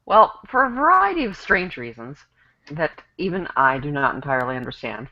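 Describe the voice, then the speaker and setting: Low-voiced wry woman panelist. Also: sing-song, normal speed, lo-fi sound. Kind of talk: casual panel discussion. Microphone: video call.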